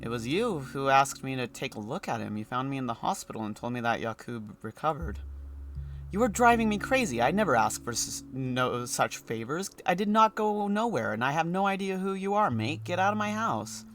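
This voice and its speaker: A man voicing a paranoid, agitated man who is locked in his house, reading his lines in a shrill, pleading way. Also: expressive, moderate pace, soft background music.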